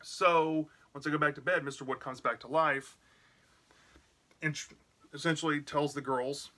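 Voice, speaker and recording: Bright-voiced man recapping a book. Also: fairly high pitch, fairly even intonation, moderate pace. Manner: chatty, often adds "right?" and "y'all". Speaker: book reviewer. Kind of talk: casual plot recap.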